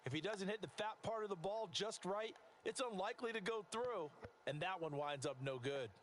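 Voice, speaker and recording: A man voicing an analytical male football color commentator in a video game, explaining plays in a measured way. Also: high-pitched, slight background noise, close to an everyday voice. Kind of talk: scripted sports commentary.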